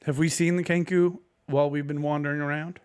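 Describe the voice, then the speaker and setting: A man's voice: a little high, level tone, brisk, a little mellow, clean tone. A man playing a tabletop game in character over a video call, dry and exasperated, often stammering on restarts. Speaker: tabletop player.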